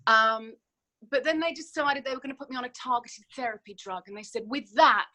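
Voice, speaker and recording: A woman's voice: fairly high pitch, a little fast, bright, forceful tone, low-quality recording. A woman in her thirties telling her story as a podcast guest, earnest and emphatic, often repeating words as she goes. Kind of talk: emotional personal story in a podcast interview.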